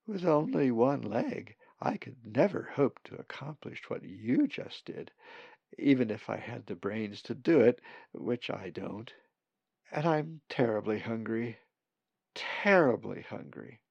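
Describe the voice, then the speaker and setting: A man's voice: medium pitch, vocal fry, slightly rough, no room sound, muffled recording, exaggerated voice. A man doing Wheedle, a fawning beggar bird. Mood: wheedling. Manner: slow, pleading, flattering. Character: one-legged hungry male bird, fawning beggar.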